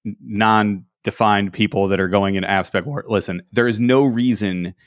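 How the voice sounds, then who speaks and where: A man co-hosting a podcast in casual chat, animated and sarcastic, often acting out other people's lines. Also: lowish voice, normal speed, no echo, studio quality. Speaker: podcast co-host.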